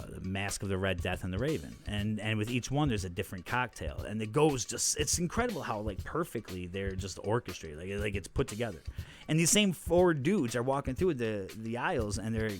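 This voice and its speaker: A man's voice: medium pitch, fairly bright tone. A man hosting his own podcast in a casual comedic monologue, rambling, self-mocking and full of profanity. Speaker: podcast host.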